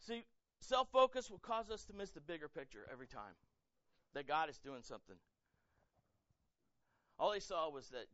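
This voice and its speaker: A pastor preaching a sermon with energy, acting out quoted voices and building to loud, emphatic peaks. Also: male voice, a little high, expressive, normal speed, long pauses, dry recording, dull audio.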